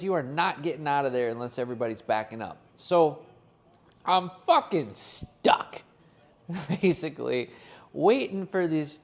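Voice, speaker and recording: Profane, rambling man telling a story. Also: a little high. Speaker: podcast co-host. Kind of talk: casual chat.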